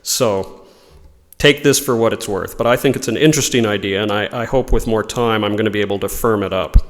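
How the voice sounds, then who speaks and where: A man's voice: on the low side, a little fast, in a large hall. A man giving an informal religious lesson, explaining ideas in a thoughtful way and reading quotations aloud. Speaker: religious teacher.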